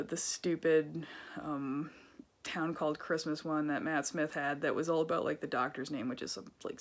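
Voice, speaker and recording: Low-voiced woman ranting casually. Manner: chatty, ranty, heavy use of filler 'like'. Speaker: vlogger. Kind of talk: casual rambling review vlog.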